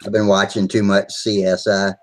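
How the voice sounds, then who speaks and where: A man with a fairly low voice, joining over a video call for a casual chat. He rambles from one story to the next in a salty way and laughs easily. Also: level tone, normal speed, rough recording. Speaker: regular on a hobby video hangout. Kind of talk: casual chat, swapping stories.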